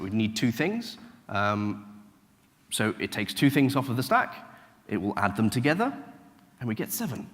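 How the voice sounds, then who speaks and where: A man giving a lively, chatty conference talk on programming, often checking in with the room. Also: mid-range voice, big-room sound. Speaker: conference speaker. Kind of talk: technical talk to a live audience. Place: lecture room.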